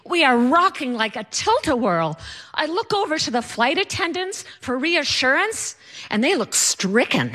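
A woman's voice: high-pitched, sing-song, measured pace, sharp tone. A woman telling a personal story in a wry, self-mocking way.

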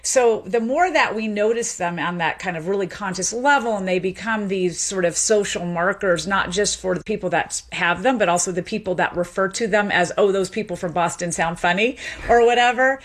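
A woman from the United States, a guest expert in an interview, explaining clearly with quick asides and frequent laughs. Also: mid-range voice.

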